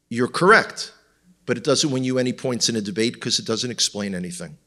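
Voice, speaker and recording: A man's voice: medium pitch, normal speed, sharp tone. A man with an Israeli accent, a tour guide giving a humorous teaching talk with slides to a congregation, full of wry jokes and asides to the audience. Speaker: tour guide and guest speaker. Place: church congregation in front of an audience.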